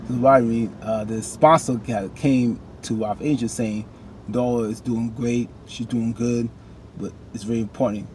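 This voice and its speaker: Man, casual TV recap, animated, faint background hiss. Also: medium pitch. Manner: animated, talks back to characters with rising outbursts. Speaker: TV recap vlogger.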